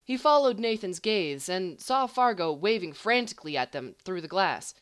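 A woman's voice: medium pitch, expressive, normal speed, dry recording. A woman narrating a story aloud, reading expressively. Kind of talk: audiobook-style story reading.

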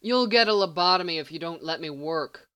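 A woman reading the lines of a sharp-tongued, impatient genius man who snaps commands. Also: fairly low pitch, lively intonation, a little fast. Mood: snapping. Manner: snappish, commanding.

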